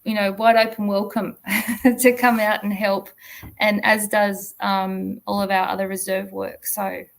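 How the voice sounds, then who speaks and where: A woman's voice: mid-range voice, little pitch movement, a little slow, creaky. A woman who curates a botanic garden, inviting people to join in, friendly with some hesitation. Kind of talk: casual advice.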